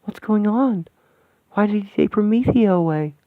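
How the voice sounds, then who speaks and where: A man voicing an earnest, halting young woman heroine in a radio play. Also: high voice, animated, no room sound, voice pushed up. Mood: shaken. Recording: thin phone-like, dry sound.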